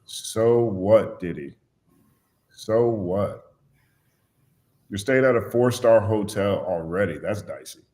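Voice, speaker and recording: A man's voice: lowish voice, takes it slowly, long pauses. A man talking bluntly and animatedly as a podcast guest in casual chat. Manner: animated, blunt storyteller, puts on voices when quoting.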